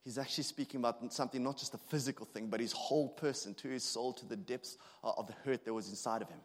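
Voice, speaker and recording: Male preacher, 30s, earnest, stumbles and restarts, mid-pitched, echoing hall. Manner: earnest, halting with frequent restarts and fillers. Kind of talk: sermon. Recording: long hall reverb.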